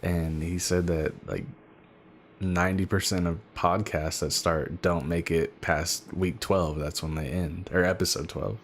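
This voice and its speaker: A man's voice: low voice, flat delivery, unhurried, slight background noise. A man co-hosting a casual podcast, bantering with jokes and profanity. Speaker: podcast co-host.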